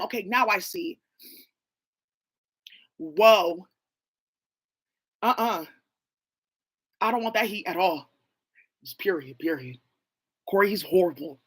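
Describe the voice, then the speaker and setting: A woman's voice: lowish voice, takes it slowly, pauses often, a bit bright, breathy edge. A woman talking in a rambling, profane monologue, leaping from name to name and claim to claim. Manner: rambling, profane, jumping between names and claims.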